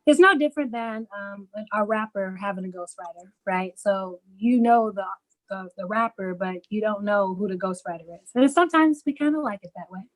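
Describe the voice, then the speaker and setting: A woman's voice: medium pitch, a little fast, poor audio. A woman guest who explains her work in an upbeat, casual way, laughing now and then. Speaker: ghostwriter guest.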